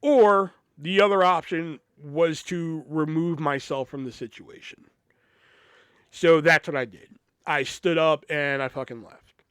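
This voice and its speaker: A young man tells a story from his own life in a loose, profane podcast monologue. He keeps restarting his sentences and leans on fillers. His voice is smooth and resonant, and the recording is close and dry. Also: fairly high pitch, fairly even intonation, a little slow, no echo. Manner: turns quiet and reflective. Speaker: podcast host telling a personal story.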